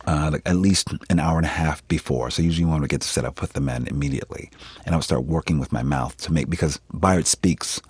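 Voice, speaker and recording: Extremely low in pitch, fast and breathy, a man speaks on a dry recording. He's a Philadelphia actor in his fifties describing his work in an interview-style conversation. His storytelling is lively and expressive, with laughter mixed in.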